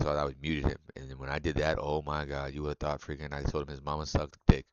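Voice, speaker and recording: A man with a very deep voice rattles on quickly in a loose, profane stream chat with his viewers and laughs often. The sound is dry and close, through a dull lo-fi stream mic. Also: monotone, clean tone, no echo. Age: adult. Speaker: game streamer. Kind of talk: casual live-stream chat.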